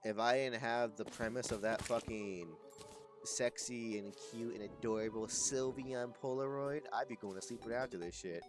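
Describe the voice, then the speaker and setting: A man's voice: mid-range voice, moderate pace, music in the background. A man streaming a video game in a casual, profanity-heavy chat with viewers, sleepy and with a stuffy nose. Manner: swears constantly, chats with viewers. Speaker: gaming streamer. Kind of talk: casual gameplay commentary.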